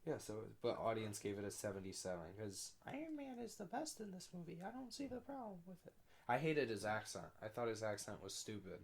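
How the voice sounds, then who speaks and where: A man's voice: mid-range voice, wildly swooping pitch, brisk. Young man, podcast co-host, blunt, offhand, faint background noise. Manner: blunt, repeats "I don't know". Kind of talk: casual chat.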